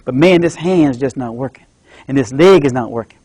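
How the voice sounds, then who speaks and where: A man voicing the inner thoughts of a depressed sixty-two-year-old father after a stroke, low and subdued in a meeting-room speech. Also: animated, darkish tone, no echo, natural voice, low-quality recording. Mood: despairing. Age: 60s. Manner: low, slow, despairing inner monologue. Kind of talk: acted monologue in a club speech.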